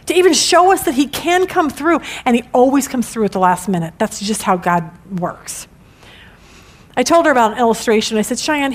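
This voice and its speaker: A middle-aged woman teaching a women's Bible study lesson, animated and emphatic, with frequent restarts. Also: high voice.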